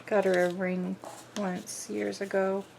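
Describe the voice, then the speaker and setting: A woman's voice: mid-range voice, little pitch movement, slow pace, gravelly, noisy background. A middle-aged woman chatting casually as she works on a craft journal, rambling with lots of fillers. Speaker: craft vlogger. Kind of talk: casual chat while crafting.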